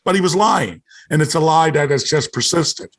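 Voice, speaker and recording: A man's voice: a little high, expressive, moderate pace, a bit bright. A man who is a guest on a casual podcast, telling a long story and repeating "he goes" as he talks.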